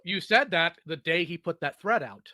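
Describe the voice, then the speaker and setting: A man's voice: on the high side, lively intonation, normal speed, bright, forceful tone, dry recording, clean studio sound. A man lecturing someone in a heated, insistent rant, repeating himself and demanding answers. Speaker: streamer in an online argument.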